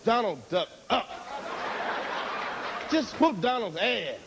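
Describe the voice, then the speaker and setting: A man doing stand-up comedy storytelling on stage, profane and animated, acting out other people's voices. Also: sits high, takes it slowly. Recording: live recording with loud audience laughter and noise.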